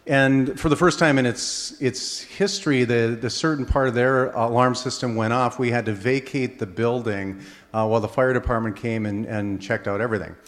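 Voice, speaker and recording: A man from Minnesota telling a string of anecdotes to an audience, animated and full of fillers and restarts. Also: mid-range voice, moderate pace. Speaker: speaker at a faith-based presentation. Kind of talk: storytelling talk to an audience.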